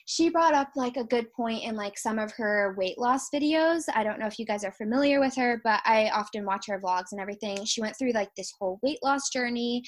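A chatty young woman co-hosting a podcast, her voice sitting a little high. She talks in a loose, casual way, full of "like" and quick laughs. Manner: chatty, laughs often, lots of fillers. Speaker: podcast co-host. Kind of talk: casual chat.

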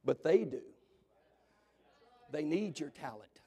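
High-voiced pastor shouting in a hall. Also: male voice, animated, slightly rough. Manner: preaching with shouted emphasis and dramatic pauses. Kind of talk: sermon. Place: church sanctuary. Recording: long church hall reverb.

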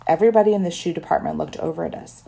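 A woman's voice: on the low side, very fast, vocal fry, dark tone. A woman narrating a children's story in first person with a wry tone. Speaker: audiobook narrator.

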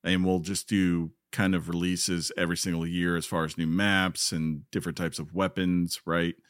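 A man's voice: deep voice, little pitch movement, moderate pace, fairly bright tone, dry recording, studio quality. A man co-hosting a casual gaming podcast, joking and reading news items aloud. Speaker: podcast co-host.

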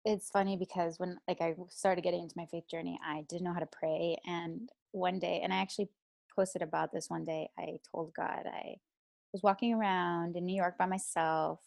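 A woman chatting casually on a podcast. She rambles through her stories and leans on "like" in nearly every sentence. Her voice sits a little low and sounds close and dry, with no room around it. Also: steady tone, normal speed, vocal fry, darkish tone, no room sound. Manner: chatty storytelling, heavy use of "like". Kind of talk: casual chat.

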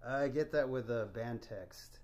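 A young man tells stories in easygoing slang, peppering them with swearing and laughter. His pitch is ordinary for a man. He talks like a buddy hanging out at a house. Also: measured pace, darkish tone. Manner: laughs often, slangy, calls people bro and dude. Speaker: podcast co-host. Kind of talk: casual profane chat.

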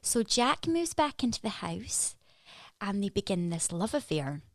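A woman's voice: mid-range voice, a little slow, no room sound. Scottish woman telling a ghost story. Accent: Edinburgh Scottish. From Edinburgh, Scotland. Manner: lively, animated storyteller. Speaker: podcast guest, stage actress. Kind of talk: casual chat, storytelling.

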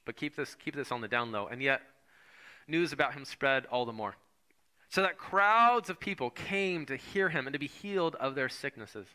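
A man's voice: mid-range voice, expressive, moderate pace, bright, forceful tone. A man preaching a conversational sermon, sometimes acting out voices of the people in the story. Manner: conversational, acts out voices of the Bible figures. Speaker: pastor.

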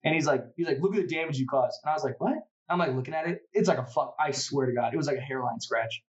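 A man chatting casually, an animated storyteller who swears a lot and laughs often. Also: medium pitch, quick pace, dull audio. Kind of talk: casual chat.

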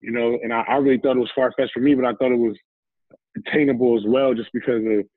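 A man in a relaxed interview drifts through a personal story, acting out what people said along the way. He comes through a narrow, phone-like line that is completely dry. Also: medium pitch, fast talker, no echo. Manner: easygoing, rambling, recounts scenes with quoted dialogue. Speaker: guest, former football player. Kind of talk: casual storytelling.

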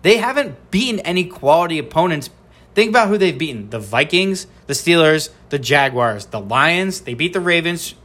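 A man's voice: on the high side, big pitch swings, normal speed, fairly bright tone. Nasal man ranting about sports. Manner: blunt, profane, exasperated ranting. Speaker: podcast host. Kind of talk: sports rant podcast.

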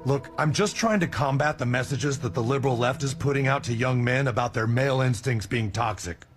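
A man's voice: mid-range voice, brisk, faint music behind, natural voice. An actor playing an earnest cartoon dad who is eager to prove his manliness. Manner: earnest, explaining. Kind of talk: cartoon voice acting.

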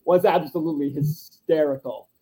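A young man hosting a casual podcast, animated and quick to laugh while retelling favorite moments. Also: a little high, a little hiss or hum, rough recording. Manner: animated, laughs easily, acts out quotes. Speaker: podcast host. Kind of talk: casual chat.

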